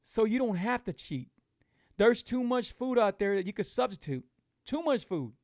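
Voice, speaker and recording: A man's voice: high voice, expressive, moderate pace, no echo, studio quality. A middle-aged man, hosting a casual live talk for his viewers. He speaks with emphatic, repetitive, preachy encouragement. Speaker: host of a keto lifestyle show.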